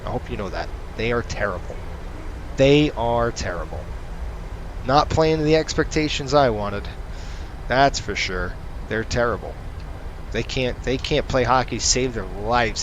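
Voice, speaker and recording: A man's voice: mid-range voice, animated, measured pace, slight background noise, low-quality recording. A man casually commenting on a flight simulator session, running through checklist callouts and ranting sarcastically between them. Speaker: flight sim streamer.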